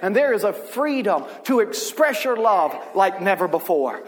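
A man preaching a sermon as a pastor, telling stories with energy and swinging from soft, intimate moments to full shouts. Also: sits high, very animated, normal speed, few pauses, big-room sound.

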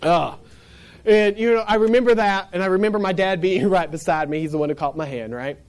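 Animated man telling a story. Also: on the high side. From Florida panhandle, USA. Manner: animated, laughing, acts out the people in his story. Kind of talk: personal storytelling.

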